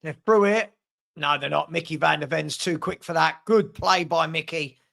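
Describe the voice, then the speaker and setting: A man's voice: fairly high pitch, moderate pace, gravelly, pushed and bright. A man hosting a live fan watchalong, giving blunt and exasperated running commentary on the match and answering viewers' comments from home. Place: at home with a dog.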